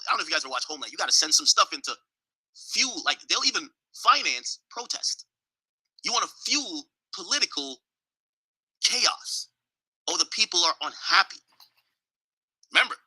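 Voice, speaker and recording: A man's voice: fairly high pitch, rough recording. Young male host, loose and profane, swings all over his range while riffing on current events. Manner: animated, profane, acts out voices of others mid-story. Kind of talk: casual commentary on history and politics.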